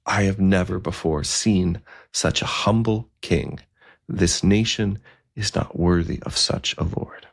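Guy doing a solemn old bishop, low gravelly voice, slow and grave. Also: heavily acted. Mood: sorrowful. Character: gentle old bishop, man, sorrowful.

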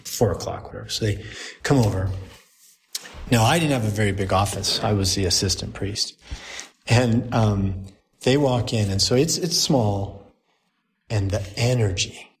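A man's voice: medium pitch, a little hiss or hum. A middle-aged man, a priest, telling a story to a group, acting out the people he quotes and laughing often.

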